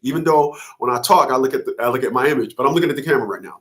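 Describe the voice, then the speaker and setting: A man's voice: mid-range voice, racing, few pauses, fairly bright tone. A middle-aged man, a fathers' advocate and host, talking casually and animatedly straight to camera. He rambles and curses, with many restarts. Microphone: camera facing the speaker.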